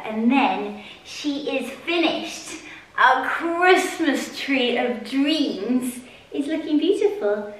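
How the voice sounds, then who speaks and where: A British woman chats slowly and warmly-gushing to her viewers while decorating at home, her slightly high voice drifting into sentiment and laughter. The room rings with echo, and a faint hum of ambience sits underneath. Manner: gushing, affectionate, prone to getting emotional and laughing. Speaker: vlogger. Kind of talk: chatty vlog narration while decorating. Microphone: camera on tripod.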